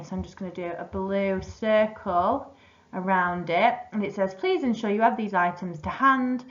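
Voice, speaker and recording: A woman teacher talks pupils through a written example, patient and clear, pausing to explain each point. Her voice sits at a middle pitch. The recording is a little dull and lo-fi, as if captured on a computer mic. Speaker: primary school teacher. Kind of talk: recorded lesson walkthrough.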